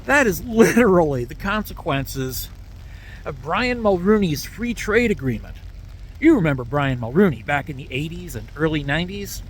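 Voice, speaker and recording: A man's voice: sits high, a bit bright, a little hiss or hum. A man from Canada giving a sarcastic, ranting political monologue straight to the camera. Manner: sarcastic, ranting, mocks opponents. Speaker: political commentator. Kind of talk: solo opinion monologue.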